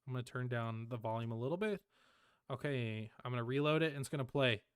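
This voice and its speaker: Laid-back young man with a smooth voice. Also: mid-range voice, quick pace, dry recording, clean studio sound. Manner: laid-back, laughs often, swears. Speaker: podcast co-host. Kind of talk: casual podcast chat.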